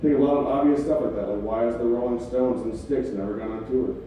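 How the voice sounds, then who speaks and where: A man's voice: mid-range voice, steady tone, quick pace, dark tone, a little hiss or hum. A man doing a stand-up comedy set in a club, laid-back and swearing casually, chuckling at his own jokes. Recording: echoey club recorded from far off.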